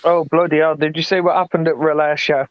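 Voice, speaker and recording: A man's voice: on the high side, little pitch movement, quick pace, no echo. A man in the room with the streamer, interjecting in short exclamations. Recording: dull lo-fi sound.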